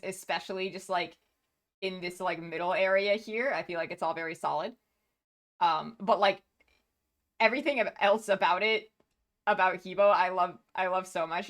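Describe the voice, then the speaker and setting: A woman streamer chatting casually on a live stream, gushing and rambling with many restarts and laughs. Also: fairly low pitch.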